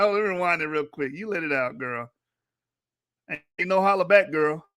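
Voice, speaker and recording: A man's voice: fairly high pitch, lively intonation, moderate pace, bright, forceful tone, clean tone. A man hosting a reaction stream, teasing and sarcastic, breaking into laughter and mocking sing-song as he comments on clips. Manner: teasing, sarcastic, laughs often, sings jeering lines.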